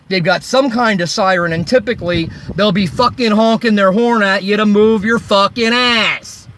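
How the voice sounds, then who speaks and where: High-voiced man ranting, swearing hard. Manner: furious, heavy swearing, sarcastic. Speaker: vlogger. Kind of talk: angry roadside rant. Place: recorded while by a road. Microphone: phone.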